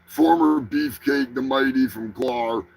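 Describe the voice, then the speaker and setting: A man's voice: mid-range voice, slow pace, gravelly, a little mellow, poor audio. A man hosting a comedic live stream, talking in a crude, rambling, profane way. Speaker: host. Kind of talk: crude comedic livestream chat.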